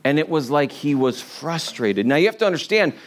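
A middle-aged man preaching a sermon in a conversational storytelling way, with lively quoted voices and soft laughs. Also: a little high, brisk. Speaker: pastor.

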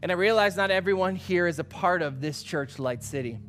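A man's voice: high voice, a little fast, soft background music. A man preaching a sermon as pastor, telling stories and acting out conversations, often checking in with "right?" and "you know". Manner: animated storytelling, acting out dialogue, fillers like "right?" and "you know".

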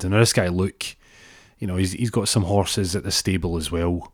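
A man's voice: low voice, steady tone, moderate pace, no echo, studio quality. A man with a Scottish accent telling a casual, rambling anecdote, often repeating words. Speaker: storyteller.

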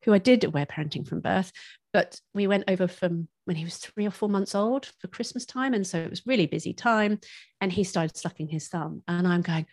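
A woman guest who teaches parenting, talking in an expressive, chatty way and laughing often. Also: mid-range voice, a little fast, no echo, clean studio sound. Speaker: parenting instructor, podcast guest. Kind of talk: casual conversational interview.

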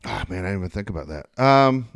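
Fast-talking low-voiced man hosting quiz. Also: lively intonation, creaky, dry recording, clean studio sound. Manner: teasing, quick, matter-of-fact. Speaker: podcast host running a quiz segment. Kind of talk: casual podcast banter.

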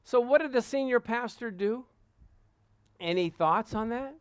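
A man preaching to a congregation, telling a lively anecdote and acting out the voices of the people in it. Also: very high-pitched, measured pace, smooth, no echo, clean studio sound. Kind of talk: storytelling sermon to a congregation.

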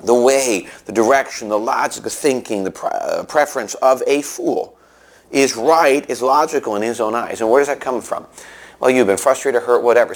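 A man giving a sermon in a conversational way, telling a story with many restarts and lively asides. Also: on the low side. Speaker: preacher.

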